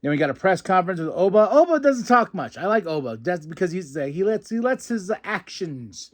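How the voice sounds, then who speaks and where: A man's voice: high voice, fairly quick. A young man hosting a podcast, casually recapping a wrestling show and acting out the wrestlers' lines in put-on voices, with frequent laughs. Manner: animated, acts out quotes in put-on voices, laughs often.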